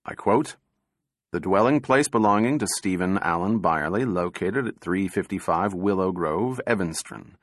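A man voicing a calm, unruffled male prosecutor who speaks evenly and with dry irony. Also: low-pitched, normal speed, no room sound. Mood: cool. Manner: even, indifferent, dryly ironic.

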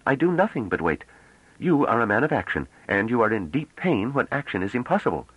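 A man voicing a calm, placid male historian in an audiobook, measured and reasoning. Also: medium pitch, breathy edge, no room sound, poor audio. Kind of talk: audiobook character reading.

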